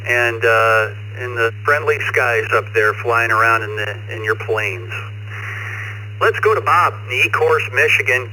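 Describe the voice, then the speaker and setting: A man's voice: medium pitch, bright, forceful tone, slight background noise, poor audio. Chatty man running a ham radio net. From American Midwest. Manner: friendly, chatty, rambling asides. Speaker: net control host of an amateur radio net. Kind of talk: casual radio net chat.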